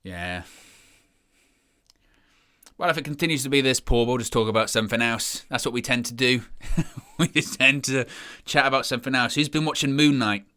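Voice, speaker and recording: A man's voice: mid-range voice, moderate pace, sharp tone, clear, resonant tone. A young man hosting a live football watch-along, rambling and glum about his team's play. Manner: dejected, rambling, self-mocking. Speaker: match watch-along host.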